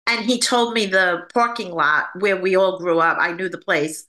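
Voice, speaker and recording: A woman who works as a psychic medium, telling her story in an interview in an animated way and acting out the voices she quotes. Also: on the low side, moderate pace, few pauses.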